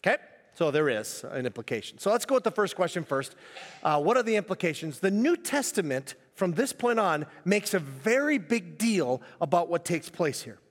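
A man preaching a sermon as pastor, in an animated, jokey way with frequent laughs, recorded in a church hall. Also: sits high. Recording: long echo of a church hall.

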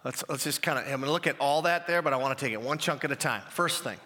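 A male pastor preaching a sermon, animated and emphatic, often repeating key phrases. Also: mid-range voice, fast, big-room sound.

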